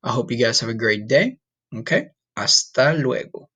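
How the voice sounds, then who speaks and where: A man's voice: medium pitch, sing-song, bright, forceful tone, slightly rough. A man teaching a recorded online Spanish lesson in a casual way, often checking in with "okay?" and "all right?". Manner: slow, drawn-out modeling of Spanish words.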